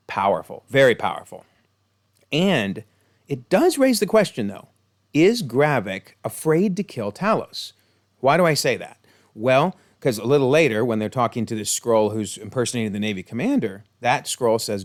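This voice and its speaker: A man's voice: mid-range voice, animated, normal speed. A man giving enthusiastic, chatty commentary on a TV series, with frequent laughs and fillers. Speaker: video commentator. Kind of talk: casual commentary.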